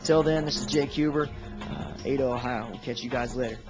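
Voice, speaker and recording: A man's voice: mid-range voice, a little fast. A young man, a youth pastor giving an informal, emphatic devotional talk and acting out quotes. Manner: conversational, emphatic, acts out quotes. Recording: dull lo-fi webcam audio with faint music.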